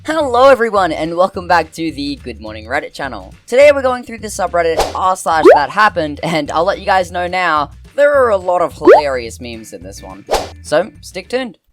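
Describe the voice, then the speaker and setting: A woman hosts and narrates, reading funny posts aloud and reacting with exaggerated, sarcastic asides. Her voice sits a little low and swings widely in pitch. Soft background music runs quietly underneath. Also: big pitch swings, normal speed. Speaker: host and narrator.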